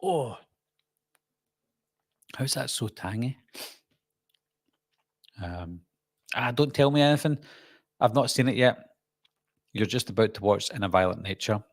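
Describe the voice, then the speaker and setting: A middle-aged man with a Glaswegian Scottish accent, hosting a relaxed live stream and chatting while reading out viewer comments. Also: lowish voice, normal speed, pauses often, dry recording. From Scotland. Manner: chatty, jokey, reads comments aloud and answers. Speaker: channel host.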